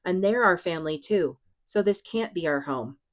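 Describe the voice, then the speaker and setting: A woman's voice: lowish voice, expressive, moderate pace, close to an everyday voice. A woman reading aloud, voicing a young boy who is earnest, homesick and insistent. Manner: pleading, insistent.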